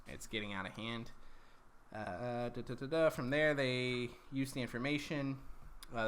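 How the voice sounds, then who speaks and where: Lower-voiced guy rambling through his dnd session recap, faint hiss behind. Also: a bit bright. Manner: rambling, full of ums and self-corrections. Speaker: dungeon master recapping a campaign. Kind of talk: casual campaign recap.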